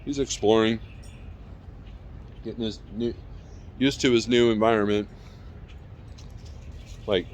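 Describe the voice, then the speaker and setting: A man's voice: lowish voice, fairly even intonation, slow, pauses often. A man chatting casually in a vlog from his backyard, rambling and calling out to his dog between thoughts. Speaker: vlogger. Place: backyard outdoors.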